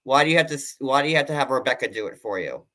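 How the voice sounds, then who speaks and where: A man hosts a casual livestream in a chatty, sarcastic way. His voice is bright and a little sharp, and his talk is full of fillers and quick asides. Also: medium pitch, animated. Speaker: host.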